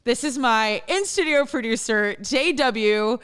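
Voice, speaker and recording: A woman's voice: on the high side, lively intonation, unhurried, fairly bright tone, clean tone. A woman from northern Louisiana with a Louisiana accent hosts her own show in a studio. She talks in a chatty, self-deprecating way and laughs often. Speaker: podcast host. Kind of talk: casual monologue.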